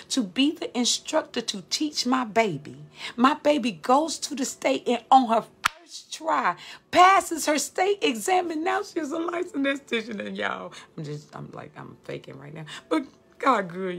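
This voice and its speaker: A woman's voice: high-pitched, vocal fry, husky. A middle-aged woman, a beautician and instructor, giving a fervent spoken testimony and speaking straight to listeners.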